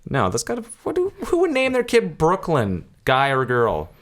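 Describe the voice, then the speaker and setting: A man's voice: on the high side, wildly swooping pitch, moderate pace, slight background noise. A man co-hosting a casual sibling podcast, jokey, fond of wordplay and often laughing. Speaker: podcast co-host. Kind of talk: casual chat.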